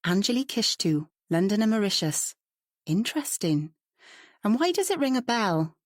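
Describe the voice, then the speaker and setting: In a storybook reading, a woman voices a curious, outspoken woman painter who talks in a chatty, forthright way. Her mid-range delivery is very animated at a normal speed, pitched above her own voice but close to an everyday one, in clean studio sound with no room sound.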